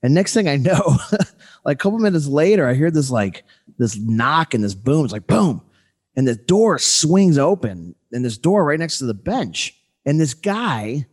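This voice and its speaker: A man in his thirties hosting a podcast, telling stories in an animated way and laughing often. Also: a little high, a little slow, slightly rough. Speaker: podcast host. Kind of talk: casual storytelling interview.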